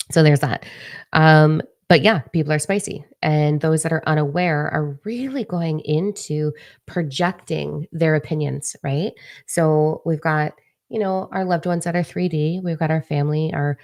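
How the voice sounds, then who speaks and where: A woman's voice: deep voice, steady tone, moderate pace, darkish tone, dry recording, studio quality. A young woman giving a chatty spiritual talk, swearing freely and acting out other people's voices. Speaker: spiritual channeler. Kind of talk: casual spiritual vlog talk.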